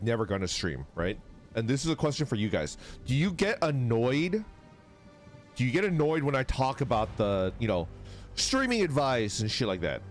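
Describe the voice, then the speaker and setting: A man streaming live, chatting casually with viewers and reading their messages aloud, swearing freely. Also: medium pitch. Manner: lively, swearing, reads chat aloud.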